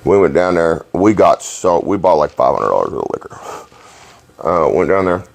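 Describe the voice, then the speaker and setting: A man hosting a podcast, telling rowdy stories in a profane, animated way and laughing along. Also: low-pitched, normal speed, gravelly. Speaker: podcast host. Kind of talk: casual storytelling chat.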